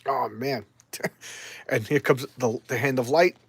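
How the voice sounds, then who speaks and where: A man's voice: mid-range voice, a little slow, creaky, breathy edge, dry recording. A man casually reviewing comic books, retelling the story in an enthusiastic, rambling way. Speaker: comics collector vlogger.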